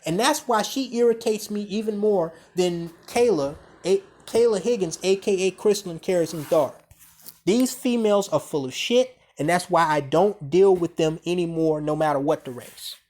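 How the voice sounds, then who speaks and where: A man telling a story in a blunt, profane vlog rant, animated and conversational. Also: sits high, normal speed. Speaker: vlogger. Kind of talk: casual storytelling rant to camera.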